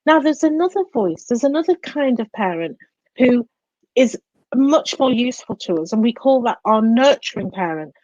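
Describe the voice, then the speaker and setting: Therapist guest, a woman; lively explainer who acts out voices, slightly high-pitched, dry close sound. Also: moderate pace, no echo, lo-fi sound. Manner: animated, acts out inner voices. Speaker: guest, coach and psychotherapist. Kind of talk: explanatory interview talk.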